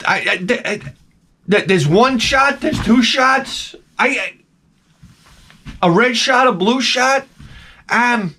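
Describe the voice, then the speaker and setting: A man's voice: very high-pitched, slow pace, pauses often, pushed and bright, a little hiss or hum. A man rambling through a comic monologue to camera, jumping between tangents and restarting his sentences. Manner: tangent-prone rant, frequent stammered restarts. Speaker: vlogger.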